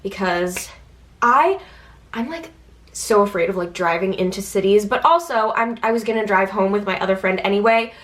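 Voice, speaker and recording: A woman's voice: medium pitch, moderate pace. A young woman with a stuffy nose, telling a casual vlog story in a chatty, anxious way, full of "like" fillers. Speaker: vlogger.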